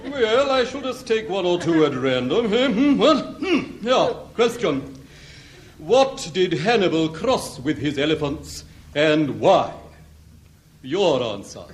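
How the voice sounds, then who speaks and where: Rich: an easily exasperated headmaster who lectures slowly and pompously. His voice rides high and swings widely. Studio audience laughter and tape hiss sit behind him. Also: big pitch swings, some chatter behind. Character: pompous schoolmaster, middle-aged, easily exasperated. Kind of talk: 1960s radio sitcom acting.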